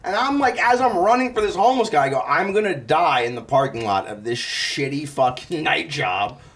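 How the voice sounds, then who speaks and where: A young man with a high voice that leaps up and down as he tells a wild story on a comedy podcast. He swears freely and laughs through his own tale. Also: lively intonation, normal speed, fairly bright tone, recorded from a distance. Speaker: podcast co-host. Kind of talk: casual comedic chat.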